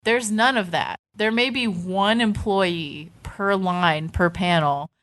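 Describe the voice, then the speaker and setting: An animated young woman co-hosting a casual podcast, telling stories and laughing at her own anecdotes. Her voice sits at a middle pitch. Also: slow. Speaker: podcast co-host.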